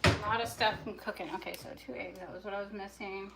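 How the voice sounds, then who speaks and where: A woman's voice: medium pitch, fairly even intonation, fast talker, gravelly, very noisy. A woman narrating her own cooking in a casual livestream, muttering to herself as she works in her home kitchen. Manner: chatty self-narration, muttering to herself, bursts of yelling at her dog. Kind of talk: casual talk while cooking.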